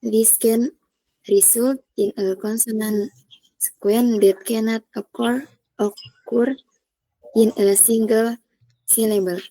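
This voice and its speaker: A young woman reading a class presentation on syllables, slowly and haltingly, with restarts. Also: on the high side, steady tone, mellow, no echo, low-quality recording. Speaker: student presenter.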